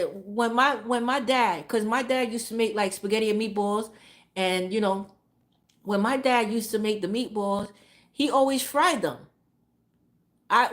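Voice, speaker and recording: A woman streamer telling a casual story, swearing freely and repeating phrases for emphasis. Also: fairly high pitch. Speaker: live streamer.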